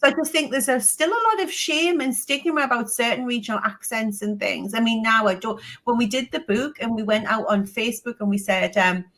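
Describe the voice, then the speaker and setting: Woman with a strong Geordie accent, lively storyteller. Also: fairly high pitch, a little fast, few pauses. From Northeast England. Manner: lively storytelling, swears casually. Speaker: podcast guest, business coach. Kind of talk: casual interview chat.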